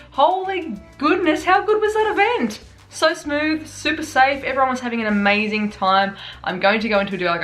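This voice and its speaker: Young woman, gaming vlog host, bubbly and tired, faint music bed. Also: mid-range voice. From Australia. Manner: bubbly, excitable, chatty with fillers. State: tired, awake for many hours. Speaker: gaming YouTuber. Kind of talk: casual news vlog.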